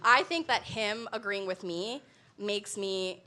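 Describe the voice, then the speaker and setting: A young adult woman delivering an animated comedic talk to a live audience, laughing often between lines. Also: medium pitch, slow pace. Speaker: comedy show guest.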